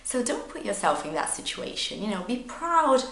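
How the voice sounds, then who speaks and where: A woman's voice: mid-range voice, normal speed, creaky. A woman English teacher with a Portuguese first language, giving a casual spoken lesson and acting out a nervous learner in small scenes. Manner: animated, acts out nervous learner in little scenes. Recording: roomy echo.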